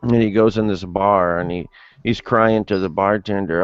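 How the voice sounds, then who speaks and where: A man's voice: deep voice, fairly even intonation, normal speed, clear, resonant tone, no room sound, faint music behind. A man in casual livestream chat, rambling and profane, telling a crude joke over lo-fi stream audio. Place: home livestream.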